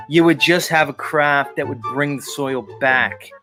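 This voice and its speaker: A male talk-show host rants in an agitated, rambling manner and swears freely. His voice sits at a medium pitch. Clear music runs underneath his talk. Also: a little slow. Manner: agitated, profane, rambling rant. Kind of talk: ranting commentary show.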